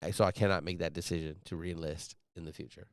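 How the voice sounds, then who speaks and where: Low, smooth-voiced man chatting earnestly. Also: fairly even intonation, fast, no room sound, studio quality. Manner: earnest, rambling with many fillers. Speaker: podcast host. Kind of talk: casual chat.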